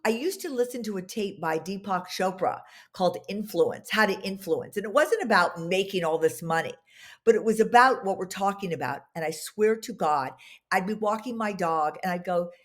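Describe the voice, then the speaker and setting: Woman guest rambling through stories on a podcast, animated, acts out the quotes. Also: medium pitch, moderate pace. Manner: animated, long-winded storyteller acting out quotes. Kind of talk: casual interview storytelling.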